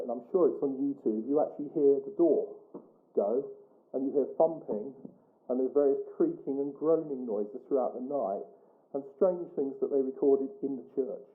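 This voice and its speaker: Chatty Suffolk man, tinny phone-like sound. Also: medium pitch. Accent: Suffolk English. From Suffolk, England. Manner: rambling, chatty, self-correcting asides. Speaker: guest speaker. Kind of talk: storytelling talk to an audience.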